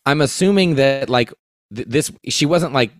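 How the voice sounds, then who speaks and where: A man co-hosting a podcast, telling a story in casual chat, halting and full of fillers. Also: medium pitch, no echo. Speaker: podcast co-host.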